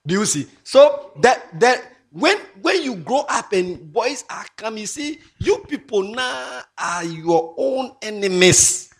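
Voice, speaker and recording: A man giving a moral talk to students, animated and mixing English with local phrases, rising to emphatic shouts. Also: high-pitched, takes it slowly, few pauses, husky. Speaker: speaker addressing students. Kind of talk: moral talk to young people.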